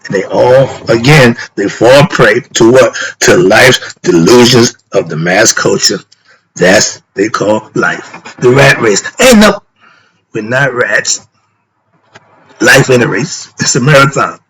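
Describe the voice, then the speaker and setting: A husky-voiced man lecturing on spirit and mind, forever asking "what?" and answering himself. His talk is loose and street-casual, and it heats up when something bothers him. He sounds middle-aged and settled in his views. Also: mid-range voice, expressive, takes it slowly, a bit bright, low-quality recording. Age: middle-aged or older. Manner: preachy, asks rhetorical "what?" questions and answers them; casual slang, gets worked up. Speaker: philosophy talk host.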